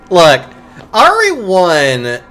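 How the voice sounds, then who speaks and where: A game streamer chatting casually while playing, swearing freely and laughing often. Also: medium pitch. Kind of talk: casual live-stream chat.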